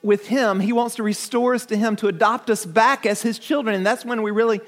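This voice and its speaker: A man preaches to his church in a strikingly high voice. He talks earnestly, stumbling over repeated words as he builds his points. He keeps turning to the congregation with questions. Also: fairly even intonation, a little fast. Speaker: pastor. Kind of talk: sermon.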